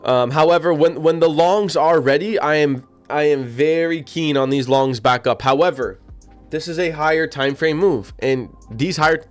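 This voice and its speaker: A man hosting a live trading stream, talking casually and directly to his chat with slangy, repetitive phrasing, hiccuping now and then. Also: a little high. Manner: chatty, slangy, addresses chat directly, repeats himself. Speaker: livestream trading host. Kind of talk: casual livestream commentary.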